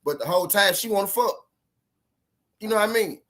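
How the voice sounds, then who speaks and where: A vlogger who gives relationship advice speaks in a high, fairly quick, somewhat bright voice. He shares a relationship story with his viewers casually, using profane, repetitive street talk and pushing his points hard.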